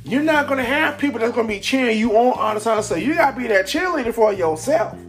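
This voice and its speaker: A man's voice: very high-pitched, lively intonation, fast, a bit bright, soft background music. A man giving casual, upbeat motivational talk to a camera, rambling and full of fillers. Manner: upbeat, preachy encouragement. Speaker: vlogger.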